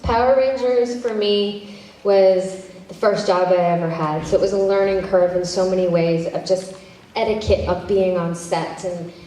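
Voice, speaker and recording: A woman who is an actress and director answers fan questions at a convention panel in a fairly low, warm voice, chatty, interrupting herself, and laughing easily. She's recorded from far off in an echoey hall with faint noise.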